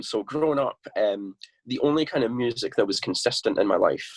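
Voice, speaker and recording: A man's voice: mid-range voice, expressive, fairly quick, no room sound. A young Scottish man chatting casually and bluntly as a podcast guest, swearing freely. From Scotland.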